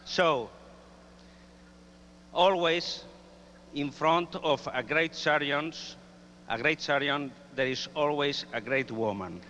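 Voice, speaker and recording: A man's voice: fairly high pitch, slow pace, long pauses, sharp tone. A man giving an earnest, grateful tribute speech at a dinner. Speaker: dinner speaker honoring a colleague. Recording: echoey hall, dull sound, faint hum.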